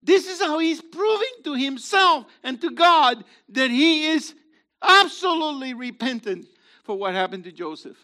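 A man preaching a sermon in a theatrical way, acting out voices and swinging from shouts to hushed asides. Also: very high-pitched, very animated, moderate pace.

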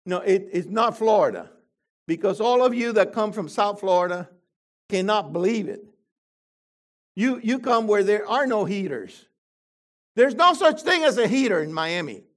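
An older man preaching a sermon to a congregation, animated and full of rhetorical questions. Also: sits high, moderate pace, long pauses.

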